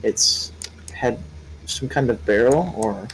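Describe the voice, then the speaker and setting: A man playing a tabletop game, describing things in a halting way. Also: mid-range voice, soft background music, low-quality recording. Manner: halting, unhurried. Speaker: player.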